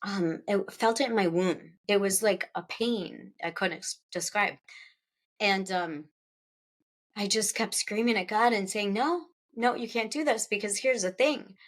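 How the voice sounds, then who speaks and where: A middle-aged woman, an author being interviewed, recounting a personal loss in a halting, emotional way, with restarts and pauses and her voice rising at the hardest moments. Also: mid-range voice. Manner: halting, with restarts and pauses; voice rises when recalling distress.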